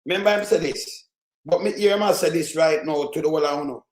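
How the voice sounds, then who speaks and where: A high-pitched man with a thick Jamaican Patois accent rants at political clips, cursing and scolding without a pause. His voice rings out in an echoey room. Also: darkish tone. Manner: heated, profane, scolding rant. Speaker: political commentator. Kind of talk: reaction commentary on played clips.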